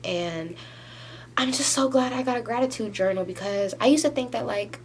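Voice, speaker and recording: A young woman in her twenties crying softly through a rambling confessional vlog at home, filling every pause with "like" and breaking into teary laughs. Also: fairly high pitch, a little hiss or hum. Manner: rambling, heavy use of "like", tearful laughs. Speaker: vlogger. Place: at home doing a face mask.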